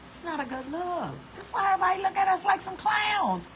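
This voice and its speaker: A woman's voice: very high voice, sing-song, brisk, a bit bright, a little hiss or hum. A woman vlogger ranting to her camera in a blunt, profane, scolding way. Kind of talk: casual rant to camera.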